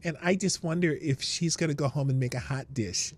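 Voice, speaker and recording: A man's voice: fairly high pitch, brisk. A man from Nebraska who hosts a live stream, giving mocking commentary and laughing often. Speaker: host.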